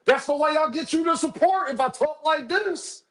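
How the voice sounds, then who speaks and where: A man's voice: very high-pitched, normal speed, a bit bright, voice pushed up. A man putting on a mocking voice of an over-hyped male streamer who begs viewers for tips. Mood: mocking hype. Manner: mocking, exaggerated hype.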